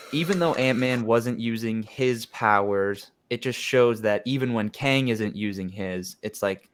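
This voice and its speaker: A man on a podcast, giving a measured, thoughtful take in casual chat. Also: mid-range voice. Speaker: podcast guest.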